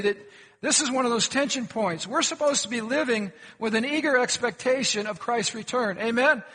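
A man's voice: extremely high pitch, pushed and bright, in a large hall. A pastor preaching a sermon, questioning his congregation and telling folksy jokes. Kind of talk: sermon with humorous stories. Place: church sanctuary.

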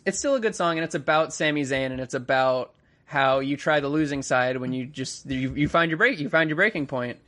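A man's voice: fairly high pitch, brisk, sharp tone. A man co-hosting a podcast in casual chat, rambling enthusiastically and swearing freely. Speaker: podcast co-host.

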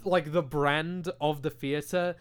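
A man's voice: on the high side, fairly even intonation, slow, clean tone. A young British man chatting casually into a desk mic on a podcast, ranting animatedly with lots of swearing and filler words. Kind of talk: casual chat. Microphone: desk microphone.

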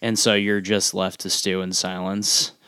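Man, casual chat, wry teasing, low pitch, dry close mic. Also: level tone, measured pace, bright, forceful tone, clear, resonant tone, no room sound.

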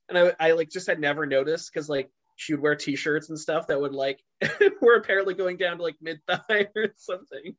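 A man's voice: fairly high pitch, quick pace, fairly bright tone. A man co-hosting a podcast in a casual chat, rambling with lots of fillers and restarts. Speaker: podcast co-host. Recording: dull lo-fi sound.

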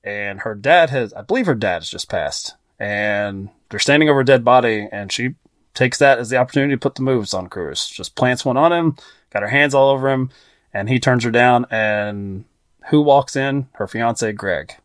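A man's voice: mid-range voice, lively intonation, moderate pace, dry recording, studio quality. A man hosting a casual movie podcast, joking and rambling with frequent laughs. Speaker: podcast host.

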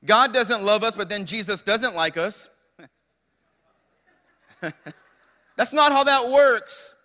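A young male pastor preaching in a church with a long hall echo around him. His voice sits high and ringing, and he takes his time, pausing often and checking in with the congregation. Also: bright, forceful tone. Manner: preaching with call-outs to the congregation. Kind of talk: sermon.

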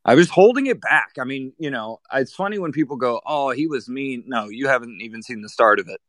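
A man at an ordinary pitch recounts a run-in at his piercing studio in a blunt, swearing, animated way. The sound is dry and close, with no room around it. He talks like he is chatting across a table. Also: brisk, no room sound. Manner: blunt, profane, animated anecdote-telling. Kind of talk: casual storytelling.

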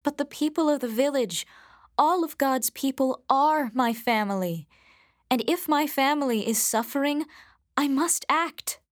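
A woman's voice: sits high, unhurried, no echo, studio quality, voice pushed up. The speaker, a woman doing a fervent devout young woman. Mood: eager. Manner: fervent, pleading. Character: earnest devout young woman, eager to help. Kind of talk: storybook reading.

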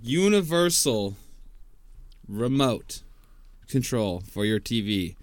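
A young man co-hosting a podcast, excitable and slangy, calling his friends "bro". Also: mid-range voice, slow, no room sound. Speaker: podcast co-host. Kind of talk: casual chat.

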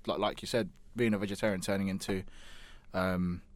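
A man's voice: low voice, steady tone, fairly quick, no room sound. A man co-hosting a podcast, chatting casually and rambling, swearing often and restarting his sentences. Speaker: podcast co-host. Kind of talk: casual chat.

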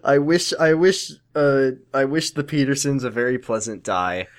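A man's voice: medium pitch, normal speed, clear, resonant tone. A man co-hosting a podcast, recapping a TV episode in casual comedic chat, riffing and laughing often. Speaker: podcast co-host.

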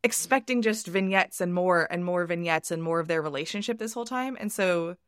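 A woman from the United States co-hosting a podcast, talking about a film in a lively way and cutting into her own sentences. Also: on the low side, a little fast, clear, resonant tone, dry recording, clean studio sound. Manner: animated, self-interrupting storyteller. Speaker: podcast co-host. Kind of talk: casual film discussion.

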